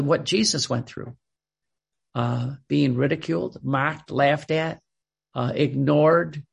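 Gravelly, husky man preaching haltingly. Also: fairly high pitch. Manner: halting, repeats words while searching, earnest. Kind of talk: sermon.

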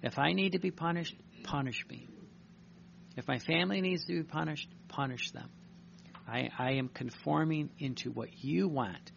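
Gravelly-voiced man preaching a sermon. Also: fairly high pitch, moderate pace, fairly bright tone, slight background noise. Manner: earnest, reflective preaching with frequent restarts. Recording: dull lo-fi recording.

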